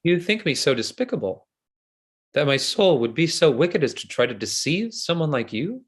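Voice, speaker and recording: A man reading the part of a flattering, insincere noble seducer who makes flowery, ardent declarations, in a play reading over a video call. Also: a little high, normal speed, breathy edge.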